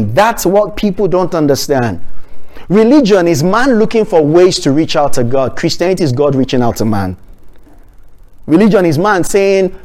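Male pastor, fairly high voice; emphatic, repetitive sermon delivery with restarts. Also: big pitch swings, normal speed, a little mellow.

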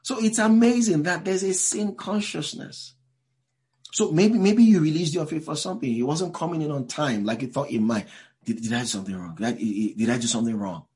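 A man's voice: mid-range voice, a little mellow. Man preaching a conversational sermon. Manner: conversational preaching with many "you know" asides; questions the congregation directly. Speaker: pastor. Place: church before a live congregation.

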